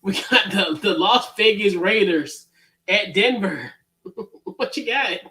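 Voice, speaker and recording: High-voiced man hosting a sports chat. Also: slow pace, distant mic. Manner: relaxed, lots of fillers, runs through game picks. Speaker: podcast host.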